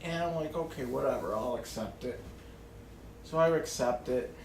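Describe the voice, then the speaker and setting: A vlogger rants casually to camera in a roomy recording with a little hiss or hum. His mid-range voice moves at a moderate pace as he rambles, swears often, and keeps restarting sentences amid many fillers.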